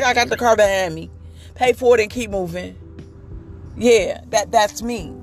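A woman delivers an inspirational monologue in a preachy, emphatic manner. She speaks candidly and builds rhythm by repeating her phrases. Faint music plays softly behind her. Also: fairly high pitch. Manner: candid and confessional. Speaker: motivational speaker.

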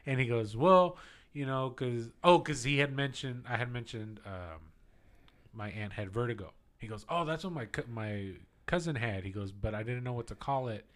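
A young man co-hosting a podcast, telling a story in casual chat, his voice trailing off softly at the ends of phrases. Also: mid-range voice, expressive, moderate pace. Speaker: podcast co-host.

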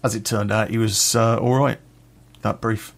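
A man's voice: on the low side, flat delivery, normal speed, creaky. A man telling a personal story in a blunt, sweary way, with a laugh now and then.

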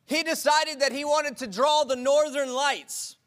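A man preaching a sermon to his congregation in church, energetic and exhorting, drawing call-and-response from the crowd. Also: very high-pitched, unhurried. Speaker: pastor.

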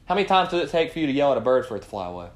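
A man leading a morning Bible study, preaching with lots of rhetorical questions and swinging from quiet asides to loud cries. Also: medium pitch, rapid-fire. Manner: animated, fires rhetorical questions at the group.

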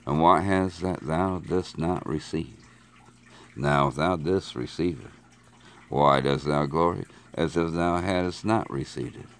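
Extremely deep-voiced man reading scripture. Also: creaky. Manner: measured, steady reading of archaic scripture. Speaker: Bible reader.

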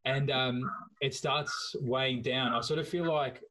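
An Australian man of middle pitch hosts a podcast in a relaxed, offhand way. He talks conversationally and swears now and then. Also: unhurried, noisy background. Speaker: podcast host.

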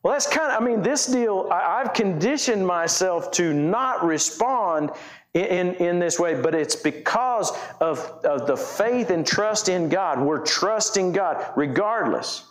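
A man's voice: high-pitched, lively intonation, unhurried. A middle-aged man preaching an informal sermon in a folksy, rambling way, correcting himself and stressing key words.

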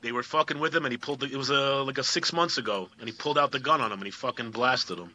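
A man's voice: mid-range voice, very fast, pushed and bright. A man in casual podcast banter, chatty and loose, retelling videos he saw.

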